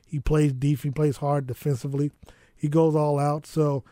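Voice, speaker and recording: A man co-hosting sports talk radio from a studio, his voice mellow and dark. He talks in a laid-back, rambling way, full of "you know"s. The studio sound is close and dry. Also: fairly high pitch, level tone, normal speed, no echo.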